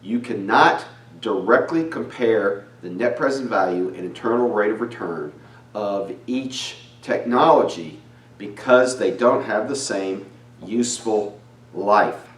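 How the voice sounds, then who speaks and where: A man from South Carolina, giving a relaxed, folksy finance lecture. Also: lowish voice, unhurried. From Charleston, South Carolina. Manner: relaxed, folksy, talks to students. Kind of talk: recorded lecture. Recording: roomy, slightly distant mic.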